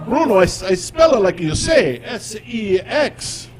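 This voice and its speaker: A man putting on the voice of his elderly Italian father, talking excitedly in a heavy Italian accent. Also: sits high, unhurried, slight background noise, voice pushed up. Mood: insistent. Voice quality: heavy accent, raised and animated. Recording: live audience in a comedy club.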